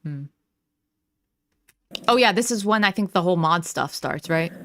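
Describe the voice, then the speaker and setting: A woman's voice: lowish voice, lively intonation, moderate pace, a bit bright, slight background noise. A woman hosting a reaction stream, talking back at a clip and thinking aloud in casual commentary. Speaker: reaction channel host.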